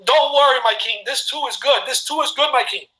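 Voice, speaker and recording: A man voicing an endlessly optimistic male royal counselor who keeps calmly repeating his reassurance. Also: very high voice, brisk, echoey room, rough recording.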